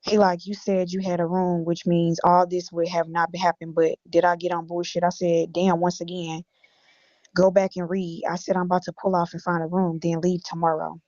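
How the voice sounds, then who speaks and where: Reading her text messages aloud on a stream, a guest from Illinois, a woman, is blunt and swears a great deal. Her fairly low, darkish voice shows little pitch movement and moves at normal speed, recorded with no echo in dull lo-fi audio.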